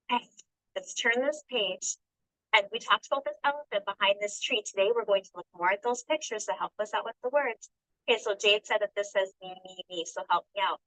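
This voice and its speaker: A woman teacher reading a picture book aloud to young children in a classroom, asking them questions by name and slowing down to sound out the words. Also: fairly high pitch, fairly bright tone, no room sound, rough recording. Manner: coaxing, calls on children by name and asks questions.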